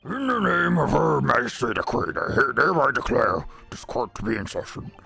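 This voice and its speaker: A man's voice: medium pitch, big pitch swings, normal speed, gravelly, sharp tone, soft background music, pitched above the performer's own voice, exaggerated voice. A man voicing a stern elderly male judge in a video game read-aloud, with formal, declamatory delivery. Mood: solemn.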